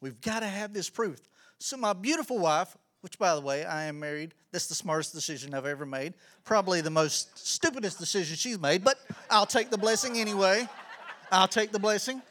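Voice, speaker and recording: A high-pitched middle-aged man talks fairly quickly in an energetic church address as a children's ministry pastor. His preacherly delivery builds to loud, emphatic shouts.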